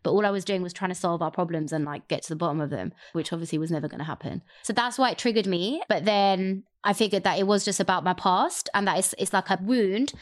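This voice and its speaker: A young woman telling a personal story candidly in a casual chat. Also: on the low side. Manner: candid, rapid, expressive storytelling. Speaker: guest sharing a personal story.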